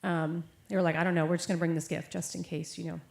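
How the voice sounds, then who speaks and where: A woman's voice: fairly low pitch, flat delivery, quick pace, gravelly, darkish tone. A young adult woman preaching a sermon, telling a personal story in a casual way with lots of fillers and quoted voices. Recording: echoey room.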